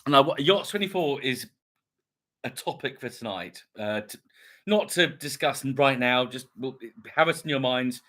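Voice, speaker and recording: A man's voice: mid-range voice, moderate pace, a bit bright. A man hosting a casual live stream, chatting in a rambling way as he greets viewers and reads out their comments. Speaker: YouTube channel host.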